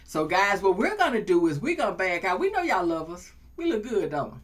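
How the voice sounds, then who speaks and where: A woman's voice: medium pitch, big pitch swings, brisk. A woman hosting a talk show, chatting playfully and building to preacher-like repetition. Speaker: show host. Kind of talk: casual talk show chat.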